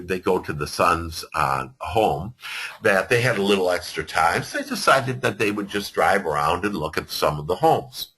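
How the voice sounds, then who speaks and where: Animated, husky-voiced male storyteller. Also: fairly low pitch. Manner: rambling, with many fillers and restarts, animated storytelling. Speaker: self-help teacher. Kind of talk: storytelling lesson.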